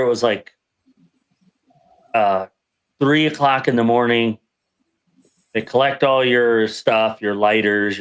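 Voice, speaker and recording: A man recounts an army training story in a loose, rambling way on a podcast. He often stops to correct himself and acts out the voices of the people in the story. His pitch sits in an ordinary middle range. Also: fairly bright tone, clean tone. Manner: rambling, self-correcting anecdote with acted-out quotes. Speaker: podcast guest veteran. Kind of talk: casual storytelling.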